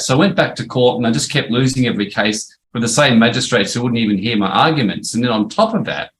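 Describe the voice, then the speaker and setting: A man's voice: medium pitch, fast, hardly any pauses, a bit bright, slight background noise, rough recording. Man, middle-aged, webinar presenter, chatty storyteller. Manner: chatty storytelling, frequent restarts and "yep". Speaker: course presenter, former lawyer.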